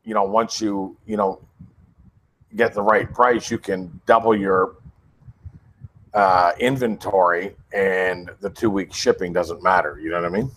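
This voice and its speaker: A man's voice: low voice, a little slow, slight background noise. A man in casual conversation, retelling a call with a supplier and acting out both sides. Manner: animated storyteller, acts out both sides. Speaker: flat earth merchandise seller.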